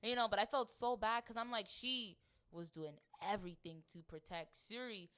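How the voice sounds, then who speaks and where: A young woman from Florida co-hosting a podcast in casual chat, animated and acting out scenes. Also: medium pitch, moderate pace. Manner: animated, acts out scenes with quoted voices. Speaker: podcast co-host.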